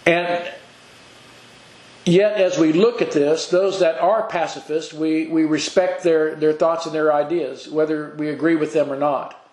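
Male preacher, higher-pitched voice, earnest and halting with frequent restarts; sermon recorded in an echoey church hall. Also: flat delivery, a little mellow. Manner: earnest, halting with repeated restarts, reads scripture aloud. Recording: echoey room.

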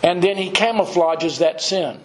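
A man preaching a sermon in an earnest, measured way, reading and explaining scripture. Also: high-pitched, rough recording.

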